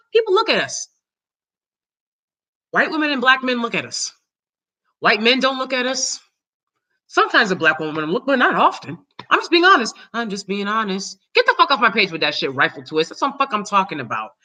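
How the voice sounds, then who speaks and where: Woman ranting on her live, super bright sharp voice, loud n cussing a lot. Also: fairly high pitch, poor audio. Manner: loud, profane, heated. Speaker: channel host. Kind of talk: casual live-stream rant.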